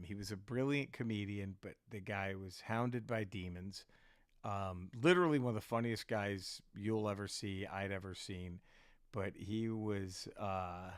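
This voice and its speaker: A man's voice: lowish voice, no room sound, studio quality. A man, a comedian, telling a story casually in a rambling, profane way, with many restarts.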